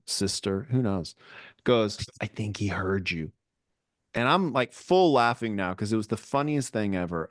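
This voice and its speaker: Man co-host, lower voice, jokey rambling anecdotes, dry booth sound. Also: no echo. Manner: rambling storyteller, self-mocking. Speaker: podcast co-host. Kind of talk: casual comedic chat.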